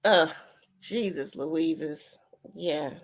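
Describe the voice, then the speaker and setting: A woman's voice: low voice, very slow. A woman hosting her channel, reacting bluntly to a clip in casual commentary and swearing freely. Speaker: channel host.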